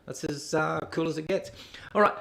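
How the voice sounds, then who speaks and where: A man's voice: on the high side, moderate pace, gravelly, pushed and bright. A man with an Australian accent hosting a rambling, irreverent reaction stream. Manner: rambling, irreverent, laughing asides. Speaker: host.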